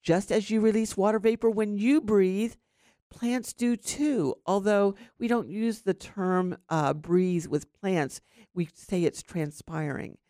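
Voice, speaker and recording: A woman's voice: mid-range voice, fairly even intonation, slow pace, mellow, no room sound, studio quality. A woman hosting a syndicated radio gardening show, chatting casually with many fillers and explaining plant science. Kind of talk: casual radio talk with call-ins. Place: radio studio.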